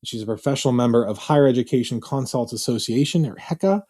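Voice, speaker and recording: A man hosting a podcast interview, asking loose, filler-heavy questions in a relaxed way. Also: medium pitch, fast talker. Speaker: podcast host.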